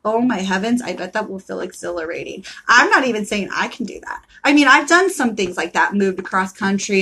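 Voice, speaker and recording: A woman's voice: mid-range voice, animated, normal speed, bright, forceful tone, slightly rough. A woman from Florida giving live tarot card readings in a brash, profane pep-talk manner.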